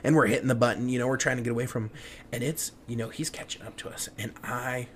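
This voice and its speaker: A man in his young adult years tells a story on a podcast, circling back through fillers and restarts. His voice drops to a near hush at the fearful moments. A faint hum of noise sits behind him. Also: mid-range voice, steady tone, fast talker. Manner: rambling, many fillers and restarts, hushed when retelling fear. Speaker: podcast guest. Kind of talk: casual storytelling.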